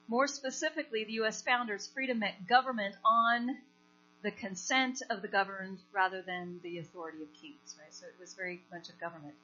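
A woman's voice: medium pitch, pushed and bright. A woman preaching a sermon, telling a story and putting questions to the congregation. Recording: lo-fi recording with mains hum.

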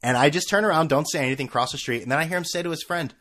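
A man's voice: fairly high pitch, rapid-fire, fairly bright tone. A man hosting a podcast, rambling through a self-mocking comic story with many restarts. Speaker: podcast host. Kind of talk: comedic storytelling.

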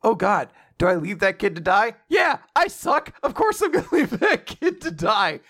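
A man's voice: sits high, sing-song, moderate pace, sharp tone, pitched above the performer's own voice, full character voice. A man voicing a cowardly, sarcastic teenage boy bully while recapping a manga.

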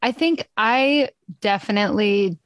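A woman's voice: mid-range voice, measured pace, no room sound, studio quality. A woman hosting a casual conversation, supportive, with many short agreements. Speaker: podcast host.

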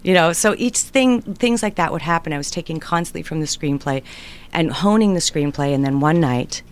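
A middle-aged woman with a notably low voice tells stories in a relaxed interview. She talks animatedly and slips into the voices of the people in her anecdotes. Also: normal speed. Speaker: guest, writer and performer. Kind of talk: conversational storytelling interview.

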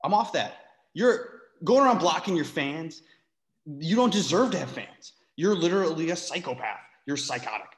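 A man co-hosting a casual sports podcast, ranting in an animated, exasperated way, with sarcastic asides and free swearing. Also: on the high side, normal speed. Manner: swears freely. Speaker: podcast co-host.

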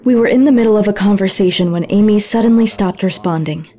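A woman narrating a story in first person, gentle and intimate. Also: mid-range voice, fast talker.

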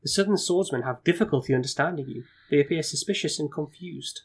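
A man's voice: a little high, husky. A man reading a fantasy gamebook aloud and hosting the playthrough, with asides and stumbles. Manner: brisk narration with stumbles and asides. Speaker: gamebook reader and host.

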